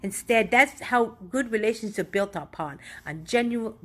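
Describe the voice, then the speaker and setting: Woman, middle-aged, slightly high voice, earnest, rambling, casual motivational talk. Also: lively intonation, moderate pace. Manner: earnest, rambling, self-correcting. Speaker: motivational vlogger.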